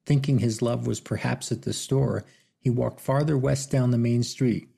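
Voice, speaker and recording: A man narrating an audiobook in a steady, unhurried reading. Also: mid-range voice, gravelly, husky. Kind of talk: scripted narration.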